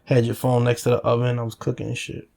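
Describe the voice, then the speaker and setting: A man's voice: mid-range voice, completely flat delivery, fast talker, vocal fry, darkish tone. A man talking straight to the camera in a rambling, profane, casual rant, full of repeated fillers. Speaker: channel owner.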